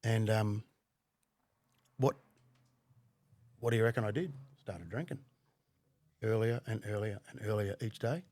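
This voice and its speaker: Middle-aged man, deep-ish voice, blunt and profane, halting storytelling, dry close sound. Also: darkish tone, dry recording. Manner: blunt, frequent swearing, halting with many fillers. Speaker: podcast guest, former undercover cop. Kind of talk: casual conversational storytelling.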